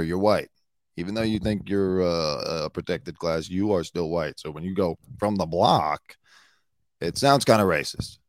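A hoarse man holds forth bluntly, his voice low and gravelly from the strain, swearing and going off on tangents as he comments on the news. The sound is close and dry with no room around it. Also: no room sound. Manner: blunt, swearing, rambling asides. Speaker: show host and former celebrity news producer. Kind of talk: casual comedic commentary.

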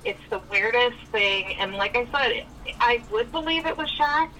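A woman's voice: on the high side, lively intonation, moderate pace, sharp tone. A woman calling in and telling a story in a chatty, casual way, often acting out what was said. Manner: chatty, retells dialogue with "I was like". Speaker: caller. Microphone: telephone. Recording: phone line, distant and lightly noisy.

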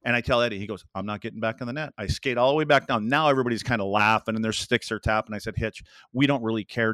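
A man's voice: mid-range voice, a bit bright, no room sound. An older man, a podcast guest, telling casual hockey stories with rambling anecdotes and acted-out quotes. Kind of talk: casual storytelling.

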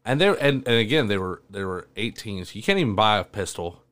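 A man's voice: fairly low pitch, expressive, a little fast, fairly bright tone. A man hosting a podcast, giving easygoing, brief replies and prompts in casual chat. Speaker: podcast host.

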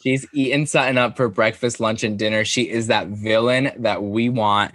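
A man in casual chat, campy and profane with quick jokes. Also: fairly low pitch, fairly even intonation, fairly bright tone, no room sound, studio quality.

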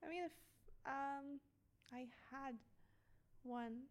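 Soft-spoken young woman, high voice. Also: slow pace. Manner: hesitant, soft-spoken, laughs often. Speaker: guest. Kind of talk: casual chat.

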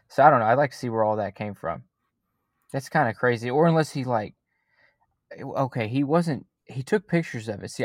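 A man's voice: mid-range voice, no echo. Podcast guest, man, Southern country accent, rambling, swears a lot, dry close sound. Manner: rambling, heavy swearing, roundabout sentences. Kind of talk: casual podcast chat.

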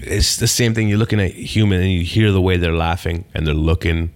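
Man, very deep voice, relaxed, swears a lot, podcast guest. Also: a little fast. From Canada. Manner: laid-back, swears freely, repeats phrases. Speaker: stand-up comedian, podcast guest. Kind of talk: casual podcast chat.

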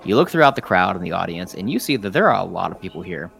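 A man's voice: deep voice, sing-song, quick pace, gravelly, fairly bright tone, a little hiss or hum. A man narrating a tabletop game as game master, casual and rambling with lots of fillers and swearing.

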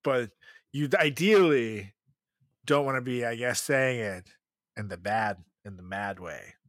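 A man's voice: mid-range voice, unhurried, fairly bright tone, no room sound, clean studio sound. A man co-hosting a comedy podcast in casual chat, from Latin America, laughing often through joking asides. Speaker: podcast co-host.

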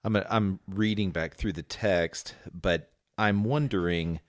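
A man's voice: sits low, unhurried, no room sound, studio quality. A man co-hosting a casual Bible discussion podcast, reasoning through scripture with self-deprecating asides. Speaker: podcast co-host.

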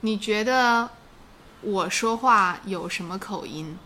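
Brief: female language teacher, unhurried and patient, light room hum. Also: medium pitch, pushed and bright. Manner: patient, explains slowly, laughs easily. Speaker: Chinese teacher. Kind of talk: bilingual language lesson.

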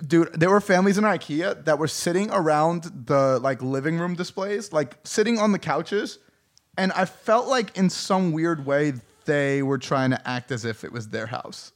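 A young man, co-hosting a casual, profane chat, animated and quick to laugh. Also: a little high. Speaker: podcast co-host.

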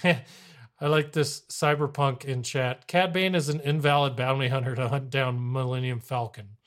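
A man's voice: medium pitch, fairly even intonation, normal speed, a bit bright. A man co-hosting a casual gaming podcast on a live stream, talking loosely and laughing often. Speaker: podcast co-host.

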